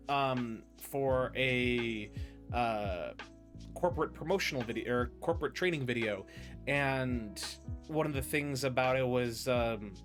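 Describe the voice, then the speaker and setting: A man hosting a podcast, chatting casually and telling stories with lots of restarts and fillers. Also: mid-range voice. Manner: rambling storyteller, many restarts and fillers. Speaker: podcast host. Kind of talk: casual chat.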